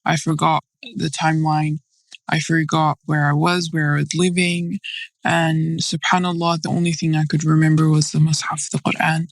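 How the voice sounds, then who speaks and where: A woman guest on a podcast, earnestly telling a personal story of faith, halting and restarting, often dropping close to a whisper. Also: low voice, level tone, poor audio.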